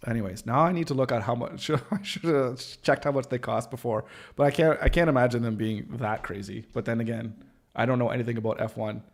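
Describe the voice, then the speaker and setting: Rambling, gravelly-voiced man chatting live. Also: medium pitch, fairly even intonation, brisk. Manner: rambling, full of fillers and restarts; joking, self-deprecating. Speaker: livestream host. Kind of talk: casual livestream chat with viewers.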